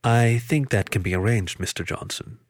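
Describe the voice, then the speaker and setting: A man voicing a calm male otter who leads a mercenary team, speaking in a dry, even way, in a storybook reading. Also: on the low side, fairly quick, gravelly, no room sound.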